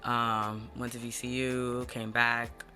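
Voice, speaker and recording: A woman in her twenties with a deep, low voice, chatting casually as a podcast guest and using lots of fillers. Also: slow, faint music behind. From born in the US, early years in Ghana, raised in New Jersey. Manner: relaxed, filler-heavy, often says "like" and "you know what I'm saying". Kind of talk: casual conversation.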